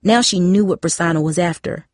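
A woman narrating a novel aloud in a steady, measured way. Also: lowish voice, no echo, studio quality. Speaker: audiobook narrator. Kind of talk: scripted narration.

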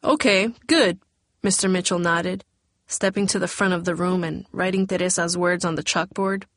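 Woman narrator, mid pitch, dry booth sound, light voicing of the dialogue. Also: no room sound. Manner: reads dialogue with light character inflection. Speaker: audiobook narrator. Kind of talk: scripted narration.

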